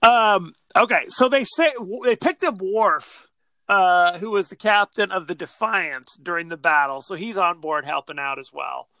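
A man co-hosting a podcast, chatting casually about a film and acting out scenes in quick mock voices. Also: high-pitched, vocal fry, bright, forceful tone, no echo. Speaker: podcast co-host. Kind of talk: casual movie discussion.

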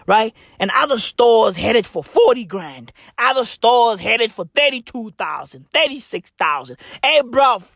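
A South African man delivering a profane comedic rant straight to camera, animated and bursting into shouts. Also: very high-pitched, a little slow, creaky, hardly any pauses, dry recording, clean studio sound.

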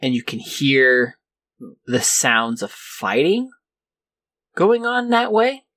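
A man's voice: medium pitch, big pitch swings, slow, a bit bright, no echo. A man running a tabletop game as game master, describing scenes in a loose way with many fillers.

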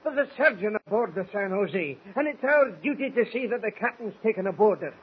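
An actor playing a loyal, stubborn Scottish sailor who pleads earnestly in broad dialect, in 1940s radio acting. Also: male voice, high voice, expressive, a little fast, dull audio, slight background noise. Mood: pleading.

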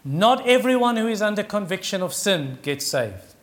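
A man's voice: sits high, sing-song, normal speed, a bit bright. A middle-aged man preaching a sermon in an earnest, conversational way that rises in emphasis.

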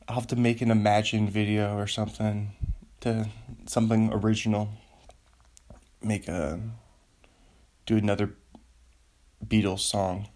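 A man hosting a solo podcast, rambling and excitable, joking around as he talks from his home studio. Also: fairly low pitch, normal speed, pauses often. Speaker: podcast host.

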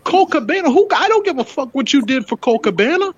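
A man's voice: extremely high pitch, sing-song, fast talker, dull audio. A man, a podcast co-host, delivering a heated, profane rant that accuses a wrestler directly. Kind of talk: ranting address to a wrestler.

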